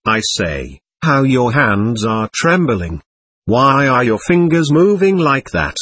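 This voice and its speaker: A man voicing a sly, cold male servant in a low, insinuating, quietly menacing tone. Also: sing-song, slow pace, slightly rough, full character voice.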